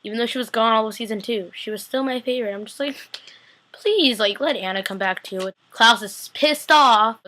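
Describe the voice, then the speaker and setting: A young woman recapping a TV episode on her laptop webcam, chatty and full of fillers, acting out scenes with sudden high-pitched squeals. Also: a little fast, sharp tone. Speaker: vlogger reviewing a TV episode. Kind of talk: casual excited recap.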